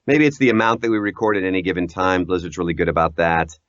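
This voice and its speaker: A man who works as a voice actor, chatting casually as an interview guest in an animated, self-deprecating way and laughing often. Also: low voice, fast, no echo. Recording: dull lo-fi audio.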